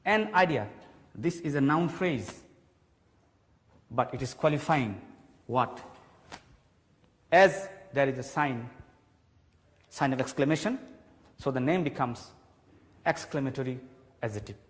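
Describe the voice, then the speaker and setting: Guy teaching grammar on tv, slow and patient, lots of hall reverb. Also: medium pitch, lively intonation. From Bangladesh. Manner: slow, explanatory, repeats key points. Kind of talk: televised classroom English lesson.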